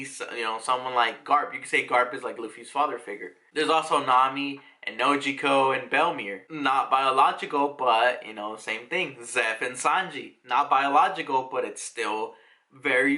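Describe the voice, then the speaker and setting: A young man casually reacting to and retelling a comic chapter, animated and profane, slipping into excited mock character voices. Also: mid-range voice. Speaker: manga reaction host.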